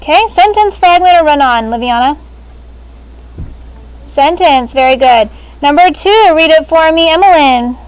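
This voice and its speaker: High-voiced woman teaching a classroom. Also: lively intonation, poor audio. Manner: brisk, calls on students by name. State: speaking through a face shield. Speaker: sixth grade language teacher.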